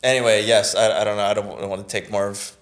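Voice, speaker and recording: A man's voice: on the low side, fairly even intonation, racing. A man guesting on a comedy podcast, rambling through stories with lots of fillers and restarts. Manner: rambling, filler-heavy storytelling. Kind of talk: casual comedy podcast chat.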